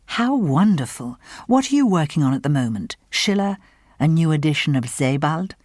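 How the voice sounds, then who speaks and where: A woman reading the part of a merry, worldly retired woman in her later years, bright and amused in manner. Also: deep voice, very animated, normal speed, dry recording, clean studio sound. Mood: amused, effusive. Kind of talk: audiobook character reading.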